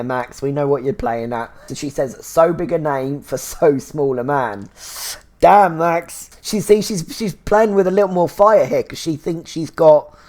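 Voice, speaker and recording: A man hosting a casual episode review, chatty and full of fillers, with bursts of excited exclamation. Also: mid-range voice. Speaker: TV review show host.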